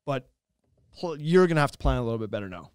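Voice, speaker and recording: A man talking quickly on a podcast, piling up thoughts with frequent restarts and filler words. His voice sits at an ordinary middle pitch and sounds close and dry, with no room around it. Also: sing-song, a little mellow, smooth, dry recording. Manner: quick, rambling, many "like"s and restarts. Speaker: podcast co-host. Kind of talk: casual podcast chat.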